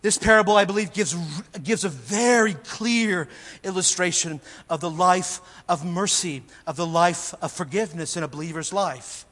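High-voiced male pastor in a reverberant hall. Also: normal speed. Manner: earnest preaching that swings between bursts of emphasis and quiet, intense asides. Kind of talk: sermon. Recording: long reverb of a large church hall.

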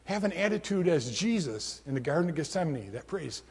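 A man's voice: on the high side, very animated, a little fast, darkish tone, breathy edge, in a large hall. A man preaching a sermon as pastor, telling a story and leading prayer with an earnest manner.

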